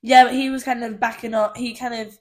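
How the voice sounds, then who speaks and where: A woman's voice: on the high side, fairly even intonation, brisk, crowd noise. A young woman co-hosting a podcast, chatty and giggly, often quoting people in mock voices. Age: young adult. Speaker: podcast co-host. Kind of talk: casual chat.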